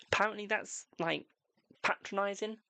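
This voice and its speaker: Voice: mid-range voice, fairly even intonation, moderate pace, creaky, pushed and bright, clean tone, no echo. A young adult tarot reader chatting bluntly and casually on a live stream. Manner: blunt, chatty, self-deprecating.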